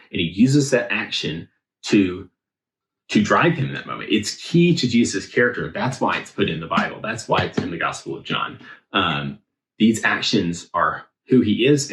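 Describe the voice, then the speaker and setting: A man's voice: fairly low pitch, fairly bright tone, roomy sound, poor audio. A man giving a casual, conversational sermon in a church, thinking aloud with many filler words. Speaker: preacher. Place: church sanctuary.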